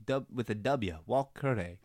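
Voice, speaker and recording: A young man co-hosting a casual anime recap podcast, animated and slangy, often laughing. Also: medium pitch, measured pace, no echo, studio quality. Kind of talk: casual chat.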